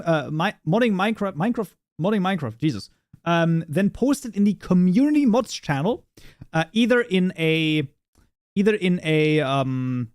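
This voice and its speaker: A male streamer whose first language is German, chatting loosely with his viewers in a fairly high voice. He rambles, restarts his sentences, and breaks into laughter often, recorded close and dry. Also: a little mellow, dry recording. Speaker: livestream host. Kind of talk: casual live chat with viewers.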